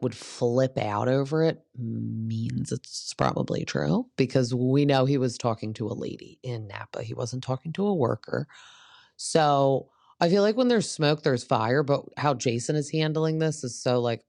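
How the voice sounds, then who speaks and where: A woman's voice: a bass voice, vocal fry, darkish tone, no room sound, clean studio sound. A woman hosting a podcast, recapping a reality show in a chatty, gossipy way and acting out what the cast members said. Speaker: podcast host.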